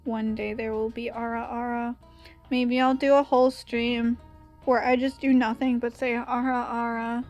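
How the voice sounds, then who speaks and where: A woman's voice: fairly high pitch, level tone, moderate pace, darkish tone, muffled recording, soft background music. A young woman with a Valley girl accent, chatting casually on stream while drawing, giggly and full of "like" fillers.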